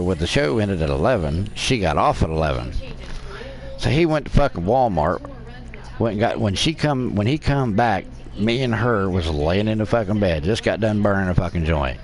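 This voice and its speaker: Crude gravelly-voiced man telling stories. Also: on the low side, expressive, moderate pace. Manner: crude, profane storytelling. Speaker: streamer. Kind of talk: casual storytelling while gaming.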